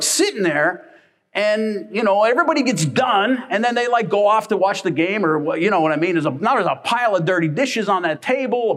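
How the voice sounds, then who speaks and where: A man preaching a sermon to a congregation, telling lively everyday stories and acting out the people in them. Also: high voice. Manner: animated storytelling, acting out family members. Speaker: pastor.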